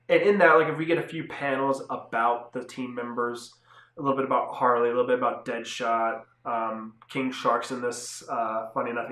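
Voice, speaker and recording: This young comic-book reviewer speaks in a mid-range, fairly bright voice, recorded in a room with noticeable echo. He chats loosely on his channel, stumbling through fillers and frequent restarts.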